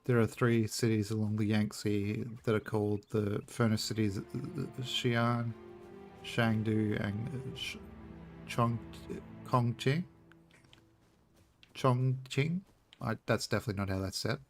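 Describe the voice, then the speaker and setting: A man's voice: on the low side, little pitch movement, measured pace, faint music behind. A man giving casual, rambling commentary while playing a game, muttering to himself and making little sound-effect noises. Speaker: streamer.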